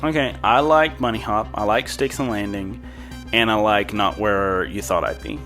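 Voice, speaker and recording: A man's voice: on the low side, expressive, normal speed, fairly bright tone, soft background music. A man narrating as game master of a tabletop role-playing game, describing scenes in an easygoing, descriptive way.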